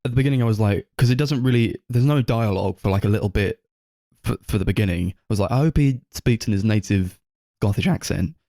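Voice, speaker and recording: A man's voice: lowish voice, fast, warm tone, no echo. A man co-hosting a casual film podcast, talking in a rambling way full of fillers and quoted asides. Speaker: podcast co-host.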